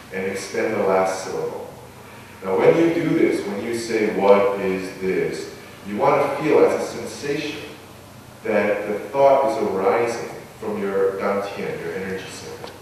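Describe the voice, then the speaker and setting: A male Buddhist monk with a slightly low voice gives a dharma talk, teaching meditation in a measured, reflective way with frequent pauses. He is picked up from far off in a temple hall, so his voice rings with a strong, long echo over faint room ambience. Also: slight background noise. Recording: echoey hall, mic far off.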